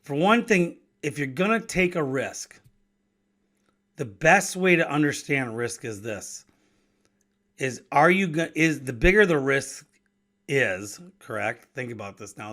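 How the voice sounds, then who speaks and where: A man's voice: mid-range voice, fairly bright tone. A man in his fifties from Wisconsin, hosting a casual solo talk about business risk, conversational and given to restarting his words. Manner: conversational, repeats and restarts words, laughs between thoughts. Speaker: podcast host and business owner.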